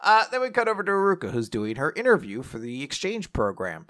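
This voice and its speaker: A man's voice: on the high side, fast talker. A man co-hosting a casual podcast, recapping an episode and acting out the characters' lines as he goes. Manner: animated storyteller who acts out quoted lines. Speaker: podcast co-host.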